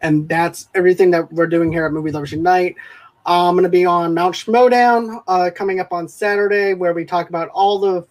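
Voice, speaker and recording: A man's voice: sits high, steady tone, a little fast. A man hosting a casual podcast, rambling and repeating filler phrases. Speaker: podcast host.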